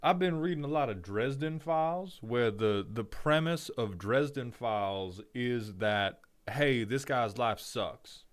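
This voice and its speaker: A man's voice: mid-range voice, animated, unhurried, hardly any pauses. A man streaming, chatting casually with viewers in a rambling, jokey way with frequent restarts. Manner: rambling, jokey, self-interrupting.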